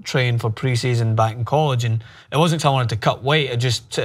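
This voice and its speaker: A man's voice: medium pitch, fairly quick. A man with a Scottish accent, co-hosting a sports show in jokey casual chat and laughing easily. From Scotland.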